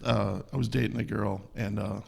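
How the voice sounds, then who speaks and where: Gravelly raspy guy from minnesota, podcast guest, tells stories with lots of energy, swears a bunch. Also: on the low side, moderate pace. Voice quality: gravelly, husky. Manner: animated storyteller, swears freely. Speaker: guest musician. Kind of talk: casual podcast chat.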